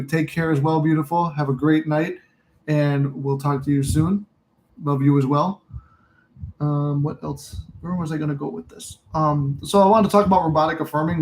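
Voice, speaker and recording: A man's voice: fairly high pitch, a little mellow, a little hiss or hum, rough recording. A man hosting a casual livestream, talking candidly in a rambling way, cursing freely and reading out and answering viewer comments. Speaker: livestream host.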